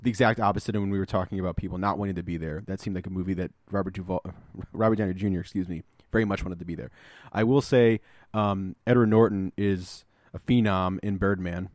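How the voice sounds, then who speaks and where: Low-voiced man in casual chat. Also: fairly even intonation, quick pace, few pauses, a little mellow, no room sound, clean studio sound. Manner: joking, rambling, laughs often. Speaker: podcast co-host.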